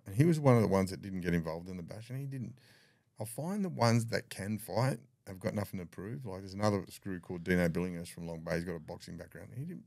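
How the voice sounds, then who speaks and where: A man's voice: deep voice, vocal fry, mellow, no echo, clean studio sound. An older Australian man telling his story in a blunt, profane way, often acting out what others said. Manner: blunt, swears freely, acts out dialogue. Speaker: podcast guest. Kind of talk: candid storytelling.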